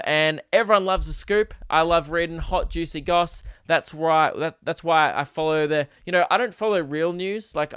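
A man's voice: a little high, bright, forceful tone, clear, resonant tone, no room sound, clean studio sound. Rambling man, joking podcast host. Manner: rambling, joking, mock-dramatic. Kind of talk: casual solo podcast chat.

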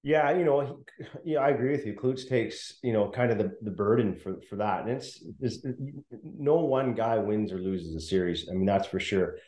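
A man's voice: fairly low pitch, animated, normal speed, darkish tone, roomy sound. A middle-aged man, a former hockey player, telling laughing stories as a guest in a casual interview. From Canada. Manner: laughs often, chatty, many restarts.

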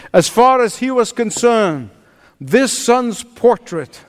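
A man preaching a sermon, telling a story in a dramatic, deliberate way in a church. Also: high-pitched, big-room sound.

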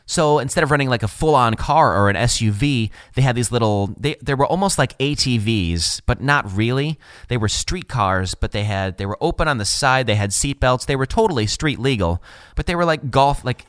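A man's voice: mid-range voice, a bit bright, dry recording. A man in his thirties from Wisconsin, a chatty, jokey podcast host telling stories. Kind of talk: casual monologue.

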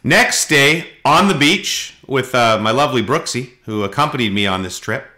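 Middle-aged male podcast host, bright edge to the voice, halting and anecdotal. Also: mid-range voice, expressive. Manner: rambling storyteller, frequent halting fillers, does voices in anecdotes. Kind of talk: casual podcast chat.

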